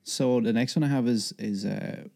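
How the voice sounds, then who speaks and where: A man's voice: medium pitch, normal speed, creaky, mellow. A man co-hosting a podcast, casually telling a rambling story full of fillers and swearing. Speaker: podcast co-host. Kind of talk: casual chat.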